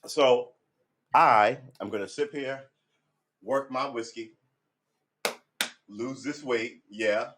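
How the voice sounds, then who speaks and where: A man's voice: mid-range voice, slow, long pauses, slight background noise. Rambling, profane man on a livestream. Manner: rambling, profane, gets loud and heated when ranting. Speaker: guitar practice livestreamer. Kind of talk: rambling casual livestream chat.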